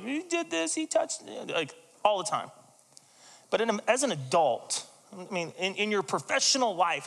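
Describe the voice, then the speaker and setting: Male pastor, high and very animated, casual sermon storyteller, reverberant hall. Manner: animated, conversational, acts out quoted voices.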